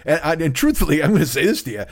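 A man's voice: fairly high pitch, very fast, dry recording, clean studio sound. A man in his forties ranting and telling stories on a comedy podcast, profane, sarcastic and rambling. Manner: animated storytelling. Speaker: podcast host.

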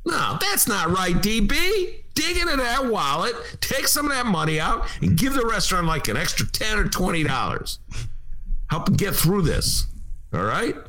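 A man's voice: high-pitched, huge pitch swings, normal speed, pushed and bright. A man hosting a talk radio show, joking casually and mocking people in put-on voices. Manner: wisecracking, acts out quoted people in mocking voices.

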